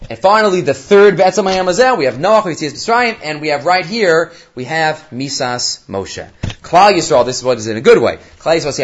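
A man teaching a Torah class in a lively lecturing manner, acting out quoted voices and weaving in Hebrew terms. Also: a little high, fairly quick. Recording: dull lo-fi recording.

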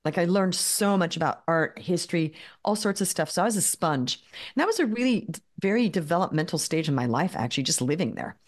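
A woman's voice: fairly low pitch, animated, brisk. A woman in her fifties, a podcast guest telling chatty anecdotes full of "like" and "you know.". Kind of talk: casual storytelling interview.

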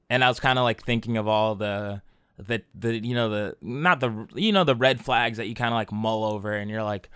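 A man's voice: medium pitch, fairly quick, a bit bright, clear, resonant tone, no room sound, studio quality. A young man telling a long personal story in casual chat, rambling with many restarts and a lot of swearing.

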